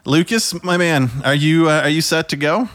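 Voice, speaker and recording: A man's voice: fairly high pitch, normal speed, a bit bright, dry recording, clean studio sound. A man hosting a podcast, playfully steering the casual chat. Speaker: podcast host.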